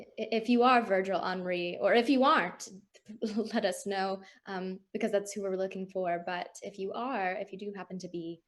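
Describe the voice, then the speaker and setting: A woman at a tabletop game with a middle-pitched voice. She speaks politely and hesitantly, padding her lines with fillers and restarts. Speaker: player.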